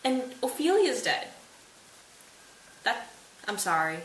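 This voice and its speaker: A woman's voice: mid-range voice, normal speed, a bit bright. Woman host, slangy casual retelling, faint hiss. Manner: chatty, playful, slangy. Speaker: host retelling a play for study. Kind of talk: casual study summary. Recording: roomy, distant mic, faint hiss.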